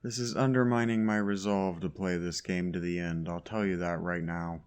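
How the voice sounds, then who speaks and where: A man's voice: deep voice, steady tone, normal speed, a little mellow, clean tone. A man giving sarcastic, grumbling commentary while playing a video game. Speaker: gaming YouTuber. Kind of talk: casual let's play commentary.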